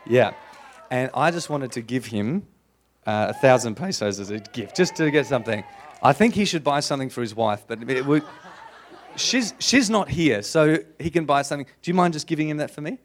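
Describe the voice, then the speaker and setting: A man with an Australian accent preaching a sermon to a church congregation, lively and playful, often asking the room questions. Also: medium pitch, moderate pace, slight background noise. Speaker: pastor.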